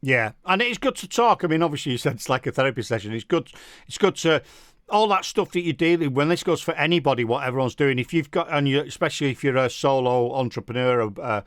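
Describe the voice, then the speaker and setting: A man's voice: medium pitch, expressive, fast, no echo, studio quality. A man with a British accent hosting a radio show, chatting casually and rambling, often calling his guest mate. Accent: British English. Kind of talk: casual chat interview.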